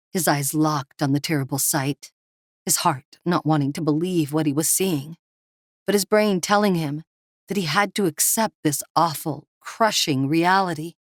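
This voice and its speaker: A woman narrating a thriller audiobook with steady, dramatic storytelling. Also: deep voice, no room sound, clean studio sound. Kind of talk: scripted narration.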